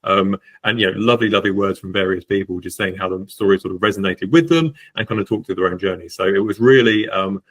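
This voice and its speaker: Fast-talking low-voiced Englishman. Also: slightly rough. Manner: fast, animated, lots of fillers and restarts. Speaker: podcast guest, estate agent. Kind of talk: candid conversational storytelling.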